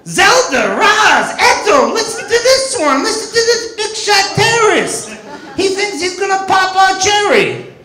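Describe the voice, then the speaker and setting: Man doing a kvetching, nagging woman, squeaky high voice, echoey club. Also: sing-song, unhurried, a crowd in the background, full character voice. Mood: indignant. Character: fussy complaining woman in the afterlife.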